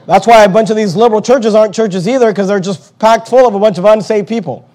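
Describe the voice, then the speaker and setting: A man preaching a sermon as pastor, fervent, with quick asides to the congregation. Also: sits high, a little mellow.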